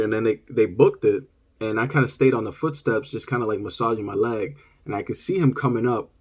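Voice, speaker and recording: Ny guy vlogging a story, husky voice, says like a lot, animated. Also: mid-range voice, a little fast. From New York. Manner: animated, many "like" fillers. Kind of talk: storytelling vlog.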